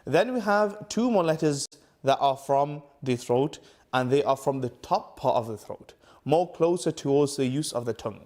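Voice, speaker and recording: A man teaching Quran recitation to camera, patiently repeating letter sounds slowly for the viewer. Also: medium pitch, lively intonation, a little mellow. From United Kingdom. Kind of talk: tajweed lesson to camera.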